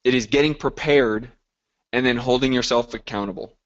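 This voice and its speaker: A man's voice: medium pitch, moderate pace, lo-fi sound. A man hosting a live group coaching call, talking in an upbeat, motivational way and reacting to listeners by name.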